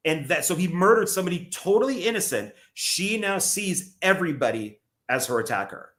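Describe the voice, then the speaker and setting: A man's voice: fairly high pitch, sing-song, a little fast, few pauses, fairly bright tone. A man on a podcast casually recounting a film plot at length, often stumbling and restarting his sentences. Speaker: podcast co-host. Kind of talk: casual movie review chat.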